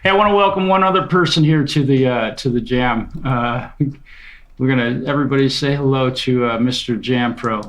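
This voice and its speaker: A man's voice: medium pitch, a little fast. A man hosting a live online guitar jam in a casual, joking way. He laughs often and swears easily. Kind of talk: casual chat. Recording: guitar music playing behind. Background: guitar music.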